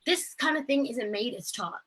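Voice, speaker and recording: A woman's voice: a little high, expressive, moderate pace, noisy background. A woman, giving earnest, impassioned personal testimony over a video call. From Ireland. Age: late teens. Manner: earnest, impassioned, filler-heavy storytelling. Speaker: protest speaker.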